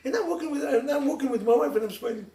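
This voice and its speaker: Animated rabbi preaching in an echoey room. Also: male voice, very high voice, very fast, a little hiss or hum. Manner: animated storytelling with laughs and sudden loud emphasis. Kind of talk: sermon to a live audience. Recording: echoey room, mic from far off.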